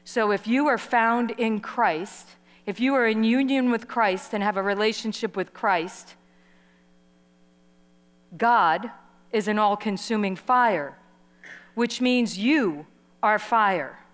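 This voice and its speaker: A middle-aged woman preaching a sermon, telling a story with lively acted-out quotes and calling for responses from the audience. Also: mid-range voice, takes it slowly, pauses often. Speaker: guest preacher. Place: large hall. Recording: live sermon in a reverberant hall.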